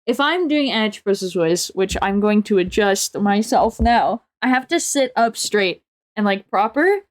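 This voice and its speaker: A woman's voice: medium pitch, lively intonation, unhurried. A woman hosting a live stream in casual chat, enthusiastic and sweary and laughing often. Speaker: streamer, host.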